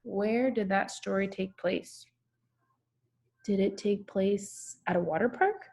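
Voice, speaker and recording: A woman's voice: medium pitch, slow pace, creaky, a little mellow, husky. A young woman teacher reads a picture book aloud to children, chatting and asking them questions along the way.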